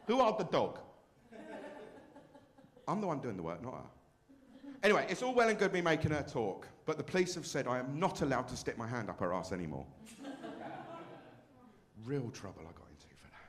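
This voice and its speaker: A man's voice: medium pitch, very animated, brisk, pauses often. A man performing a brash, self-mocking stand-up comedy set on a club stage.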